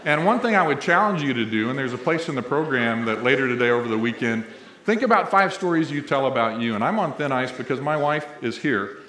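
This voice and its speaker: A man's voice: mid-range voice, expressive, a little fast, fairly bright tone. A middle-aged man from Missouri, a college president, giving a humorous ceremony speech full of stories to an audience in a large hall. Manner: humorous, conversational storyteller, playing to the audience. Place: large indoor event hall. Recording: echoey hall.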